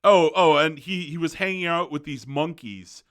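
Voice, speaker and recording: Bright-voiced rambling young man. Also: on the high side, normal speed. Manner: rambling, restarts often, laughs easily. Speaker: movie reviewer. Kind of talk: casual spoken review.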